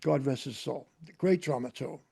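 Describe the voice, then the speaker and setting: An older man, a guest musician telling stories in casual, animated chat with frequent laughs. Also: medium pitch, normal speed, creaky, husky. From Boston area. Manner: animated, laughing, acts out quotes.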